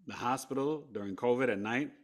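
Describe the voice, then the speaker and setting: A man from New York, a podcast guest, telling a personal story with big swings between hushed and loud delivery. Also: medium pitch, fairly quick.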